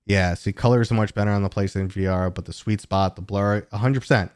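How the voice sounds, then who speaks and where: Low-voiced chatty male streamer. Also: fairly even intonation, quick pace, a little mellow, clean tone, dry recording, studio quality. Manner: rambling, chatty, with many fillers and restarts. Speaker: host. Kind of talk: casual livestream chat answering viewer questions.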